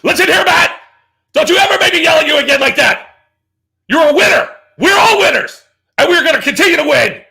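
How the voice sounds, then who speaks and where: A roaring, gravelly wrestling-promo ranter. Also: male voice, very high voice, big pitch swings, unhurried, heavily acted. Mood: triumphant. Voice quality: gravelly shouting. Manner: bellowing, scolding, whooping. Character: roaring wrestling-promo ranter, older man, brash and boastful. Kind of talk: comic impression rant.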